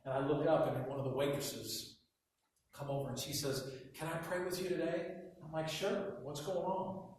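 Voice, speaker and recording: Pastor preaching in an echoey hall. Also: male voice, on the high side, normal speed, recorded from a distance, a little hiss or hum. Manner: storytelling, swings between quiet asides and loud emphatic bursts. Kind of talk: sermon. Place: church hall.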